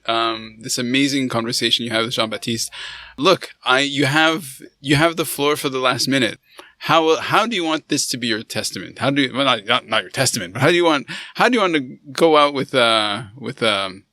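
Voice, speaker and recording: A man hosting a podcast interview, talking haltingly and searching for his words. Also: mid-range voice, sharp tone, no echo. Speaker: podcast host. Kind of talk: casual interview chat.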